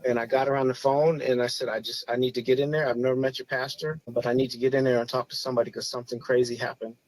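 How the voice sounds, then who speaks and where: Earnest man in his forties, halting delivery. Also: medium pitch, flat delivery, a little mellow, no room sound, low-quality recording. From Chicago area. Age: 40s. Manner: earnest, halting, many restarts. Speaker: podcast guest, former police officer. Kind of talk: personal story, casual talk.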